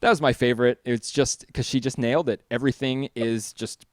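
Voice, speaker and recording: A man's voice: mid-range voice, steady tone, brisk, no echo. A man co-hosting a casual chat show, easygoing and enthusiastic. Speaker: co-host.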